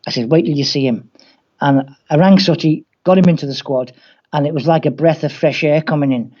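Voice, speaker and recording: Scouse man, football coach guest; higher-pitched, mellow, dull lo-fi remote recording, wry anecdotal delivery. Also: brisk. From England. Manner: anecdotal, wry, acts out quoted voices. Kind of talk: storytelling interview. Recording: dull lo-fi audio.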